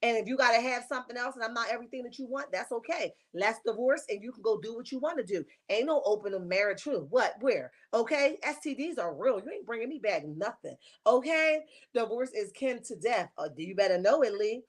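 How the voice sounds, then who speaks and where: A woman hosting a casual reality-TV gossip livestream talks briskly with few pauses, her slightly high voice expressive. Sassy and emphatic, she chats freely and reads viewer comments aloud.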